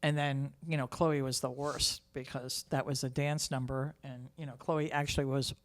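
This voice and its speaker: Theatre teacher lady telling backstage stories, lively and chatty. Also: very deep voice, moderate pace. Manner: lively anecdotal storyteller. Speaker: theatre educator guest. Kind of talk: casual chat.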